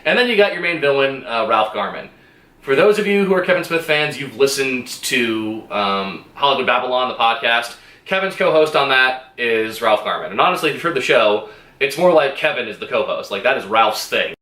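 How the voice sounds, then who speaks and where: Guy rambling thru a movie review, swears a lot, laughs a bunch, bright tone. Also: mid-range voice, lively intonation, normal speed, echoey room. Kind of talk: casual spoken movie review.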